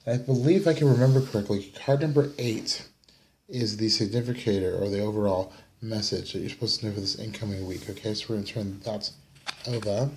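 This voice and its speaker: A man's voice: lowish voice, fairly even intonation, brisk, a little mellow, a little hiss or hum. Tired man rambling through a tarot reading. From United States. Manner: rambling, apologetic, yawning, fillers. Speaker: tarot reader. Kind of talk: casual tarot reading vlog. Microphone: camera mic.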